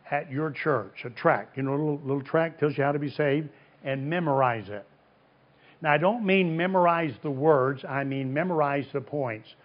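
A man preaching a sermon to a congregation, emphatic, asking them questions and answering them himself. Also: a little high. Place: church service before a congregation. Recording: dull lo-fi sound.

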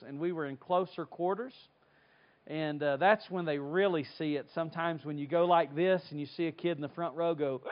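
A middle-aged man from North Carolina preaches in a folksy, storytelling manner with animated asides. His voice sits a little higher than most men's. The recording is dull and lo-fi. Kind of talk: sermon with personal story. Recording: dull lo-fi sound.

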